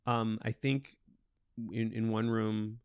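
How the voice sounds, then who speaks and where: Animated man telling hospital clown stories. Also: lowish voice, slow, smooth, no room sound, studio quality. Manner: animated, lively storyteller with many restarts. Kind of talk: podcast interview storytelling.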